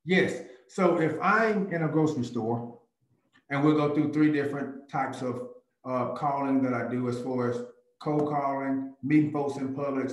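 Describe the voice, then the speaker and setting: A man, a real estate agent speaking as a guest on a video call, who tells stories lively and acts out little conversations. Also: roomy sound, rough recording. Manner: animated, jumps into a higher voice to act out chats. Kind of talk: lively talk with acted-out dialogues.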